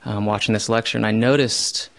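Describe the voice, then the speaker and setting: A young man telling a first-person true story in a self-mocking way, with loud bursts when he voices his own panic. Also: lowish voice, steady tone, fairly quick, gravelly.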